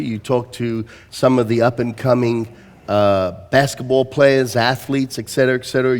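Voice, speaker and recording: A man interviewing a guest, with brief prompting questions and quick reactions. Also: medium pitch, a little mellow, in a large hall.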